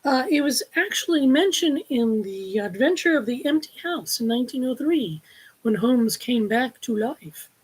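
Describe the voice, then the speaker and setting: A woman's voice: a little high, normal speed, breathy edge, rough recording. A woman author who chats playfully and reads from her novel during a live book launch. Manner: playful, chatty, animated.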